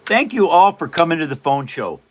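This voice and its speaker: A man's voice: fairly high pitch, big pitch swings, fairly quick. A man in his seventies hosting a casual livestream, joking and rambling with frequent laughs. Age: 70s. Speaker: livestream host.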